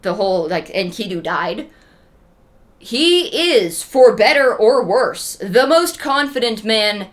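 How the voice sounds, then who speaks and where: A woman's voice: mid-range voice, expressive, takes it slowly. A woman streamer casually retelling an ancient epic in a chatty, humorous way, with lots of asides. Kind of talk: casual storytelling.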